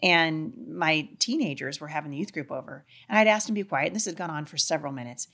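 A middle-aged woman, a guest on a talk show, telling a personal story with animated, acted-out quotes. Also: deep voice, quick pace. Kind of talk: storytelling conversation.

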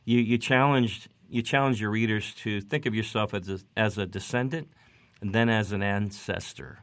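A man with a lowish voice hosts a faith-based interview. He is recorded close and dry, with no room sound, and he eagerly and quickly prompts his guest. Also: no echo. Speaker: radio host.

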